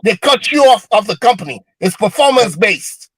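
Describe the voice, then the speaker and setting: A man arguing heatedly on a panel, stumbling over fillers and then shouting, swearing and daring others to bet. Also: high-pitched, very animated, moderate pace, breathy edge, dry recording, rough recording. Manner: swears and dares bets. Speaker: panel guest. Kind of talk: heated debate.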